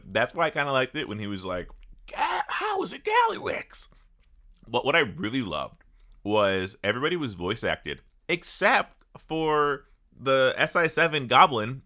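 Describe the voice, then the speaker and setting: A man co-hosting a casual gaming podcast, expressive and swearing casually. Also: mid-range voice. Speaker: podcast co-host.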